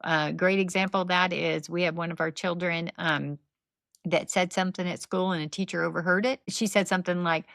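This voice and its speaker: A middle-aged woman, a nonprofit founder appearing as a podcast guest, tells lively faith-based stories in casual conversation, acting out what people said. Her fairly low voice is a little fast and creaky, with no echo.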